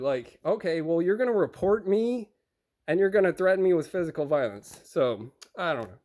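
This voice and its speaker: A man's voice: sits high, animated, moderate pace, darkish tone. A young man telling a rambling, profane story about a run-in at work, acting out the other people's lines. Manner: profane, rambling, acts out quoted voices. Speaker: overnight grocery receiver. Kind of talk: casual storytime rant.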